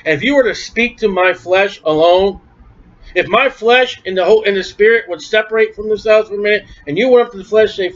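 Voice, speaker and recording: A male preacher delivers a forceful, emphatic sermon. His voice sits high for a man. The recording sounds dull and lo-fi.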